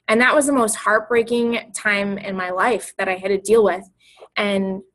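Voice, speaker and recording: A woman's voice: medium pitch, rough recording. Emotional rambling woman coach. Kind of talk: casual motivational talk.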